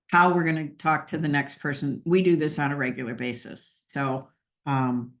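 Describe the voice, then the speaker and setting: A woman hosting a casual team talk, chatty and joking, with frequent fillers. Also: deep voice. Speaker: host. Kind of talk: casual team meeting chat.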